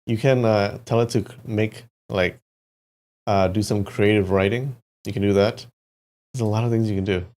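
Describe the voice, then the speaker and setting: A man's voice: on the low side, steady tone, moderate pace, darkish tone. A man hosting a casual livestream, chatting to his viewers while he types, with restarts and muttered asides. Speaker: livestream host.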